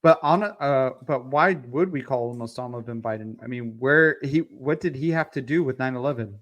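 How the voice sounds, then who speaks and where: A man's voice: medium pitch, a little fast, a bit bright. A man co-hosting a casual political commentary show, explaining things with many fillers and easy laughs. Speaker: co-host.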